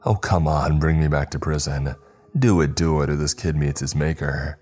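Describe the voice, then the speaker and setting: A man voicing a bitter, vengeful male killer who taunts and shouts. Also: a bass voice, unhurried, soft background music. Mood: taunting.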